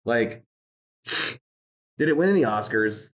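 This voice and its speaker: A man's voice: mid-range voice, lively intonation, unhurried, a bit bright. Mocking lo-fi streamer man. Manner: mocking, laughs often, swears, repeats words. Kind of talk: livestream reaction rant.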